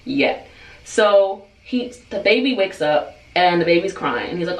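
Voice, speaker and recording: A woman in her twenties telling a story in a vlog, animated and chatty, with a lot of "like.". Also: lowish voice, unhurried. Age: 20s. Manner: animated, chatty, heavy use of "like". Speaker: hairstylist and vlogger. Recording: echoey room, far from mic.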